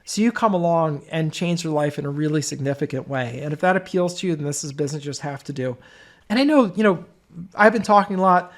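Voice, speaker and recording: A man's voice: a little high, quick pace. A man giving an informal course presentation, telling stories in a conversational way. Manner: conversational storytelling. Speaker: business course instructor.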